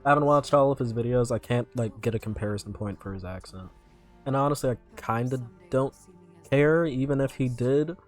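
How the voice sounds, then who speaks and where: A young man from North Carolina hosting casual reaction commentary, rambling and self-correcting with sudden loud outbursts. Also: mid-range voice, brisk, faint music behind. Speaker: YouTube reaction host.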